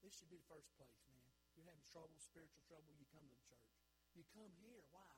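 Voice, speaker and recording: A male pastor preaching a sermon, swinging from hushed, earnest lines to loud shouted ones and repeating phrases for emphasis. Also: fairly high pitch, lively intonation, fast talker, background noise. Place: church sanctuary.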